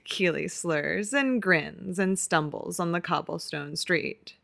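A woman narrating a fan-written story in a slow, deliberate reading voice. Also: lowish voice, gravelly, a bit bright. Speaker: co-reader of a fanfiction audiobook.

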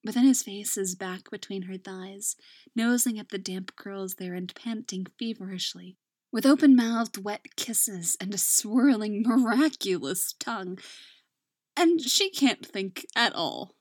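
A woman narrating a romance story in a soft voice that drops into whispers. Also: mid-range voice, lively intonation, unhurried, no room sound, clean studio sound.

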